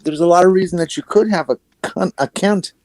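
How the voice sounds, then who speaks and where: A man on a casual panel chat, halting and filling his pauses. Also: high voice, a crowd in the background. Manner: halting, many fillers. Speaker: panel guest.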